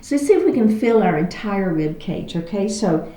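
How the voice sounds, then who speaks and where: A woman with a Texan accent teaching a chair yoga class, giving calm step-by-step cues and often checking in with her students. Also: mid-range voice, moderate pace, reverberant. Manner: calm, soothing cues with frequent check-ins. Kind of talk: guided yoga class instruction.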